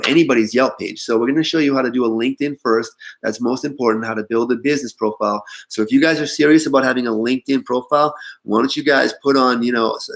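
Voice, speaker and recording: A man's voice: mid-range voice, fairly bright tone. A man hosting a business webinar, talking casually with lots of fillers and restarts in an upbeat way. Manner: halting, filler-heavy, upbeat. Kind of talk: casual online meeting talk.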